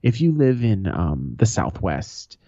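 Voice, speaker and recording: Deep-voiced, profane man telling stories. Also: slow pace, no room sound, muffled recording. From Boston area. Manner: profane, animated storyteller with laughs. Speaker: podcast co-host. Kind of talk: casual podcast banter.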